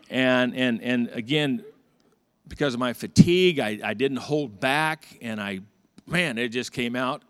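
In a clean studio recording with no echo, a middle-aged male pastor delivers a sermon at a medium pitch. He tells stories and brings them to life by acting out the characters' dialogue.

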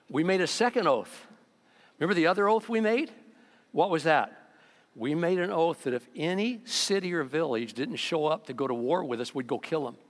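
A man preaching from the pulpit with a high, lively voice that rises and falls as he acts out people's complaints. His sermon rings through a church hall with a long, trailing reverb. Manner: animated, mocking voices of the people he quotes. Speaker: pastor. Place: church sanctuary.

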